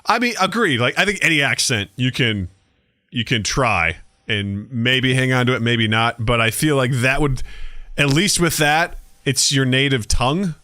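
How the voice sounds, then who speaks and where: Bright-voiced man in casual podcast banter. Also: mid-range voice, moderate pace, dry recording, clean studio sound. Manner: rambling, profane, jokey. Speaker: podcast co-host. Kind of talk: casual chat.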